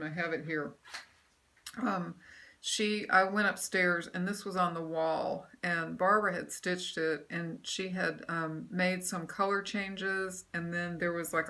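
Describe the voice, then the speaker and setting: A cross-stitch vlogger rambles through a casual show-and-tell of her stitching projects in a room at home, often saying um and starting over. She has a fairly low, bright voice with a forceful tone, and there is slight background noise.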